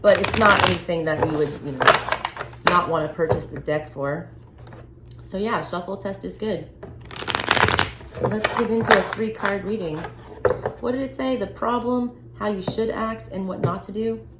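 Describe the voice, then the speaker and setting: A woman doing a casual, chatty tarot unboxing and reading, excitable and cursing freely as she goes through the cards. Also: mid-range voice, normal speed, pauses often. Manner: chatty, excitable, swears casually, frequent laughs. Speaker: tarot reader. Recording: echoey room with faint background noise.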